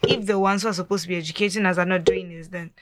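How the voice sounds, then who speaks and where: Brief: co-host, mid pitch, curious questioner, supportive. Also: steady tone, very fast, a bit bright. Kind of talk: interview conversation.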